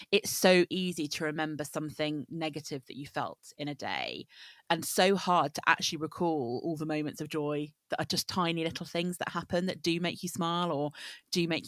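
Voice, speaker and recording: A woman's voice: deep voice, no echo. A woman hosting a conversational podcast, talking thoughtfully and building long reflective points. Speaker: podcast host. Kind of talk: casual conversational interview.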